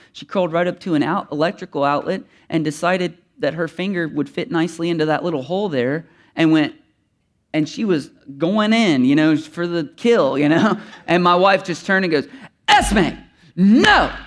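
A man's voice: a little high, moderate pace. A man preaching a sermon as pastor to his congregation in church, earnest and emphatic, often restarting his sentences. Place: church before a live congregation.

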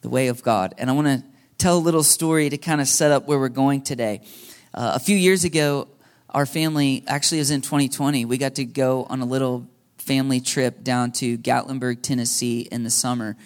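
A man's voice: mid-range voice, steady tone, brisk. A man, a pastor in his thirties, telling a casual personal story during a sermon and asking the congregation questions. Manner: casual, chatty, asks the audience questions. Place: church hall before a congregation.

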